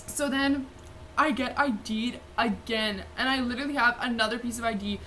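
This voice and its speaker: A woman's voice: a little high, moderate pace, bright, forceful tone, a little hiss or hum. A young woman, telling a story casually with lots of "like" fillers, swearing and laughing. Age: young adult. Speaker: vlogger.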